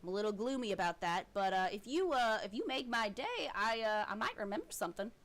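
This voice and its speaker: A woman's voice: mid-range voice, sing-song, quick pace, close to an everyday voice. A woman voicing a bored, gloomy female halfling who runs a game booth, talking in a hesitant, wheedling way. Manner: sighing, hesitant, then gushing and wheedling.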